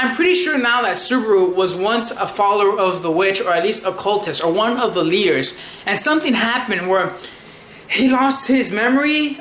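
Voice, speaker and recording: An anime reviewer giving a casual episode recap, excitable and rambling, with frequent swearing. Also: medium pitch, echoey room, a little hiss or hum.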